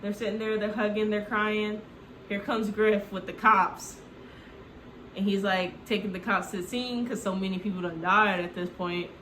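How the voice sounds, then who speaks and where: A woman tells a film's story in a loose, chatty, comedic way, leaning on "like" and swearing now and then. Her voice sits at a middle pitch. The room echoes noticeably, with a faint background hum. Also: fairly even intonation, normal speed, fairly bright tone. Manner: loose, rambling, full of "like", swears. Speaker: movie recap host. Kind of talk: casual comedic movie retelling.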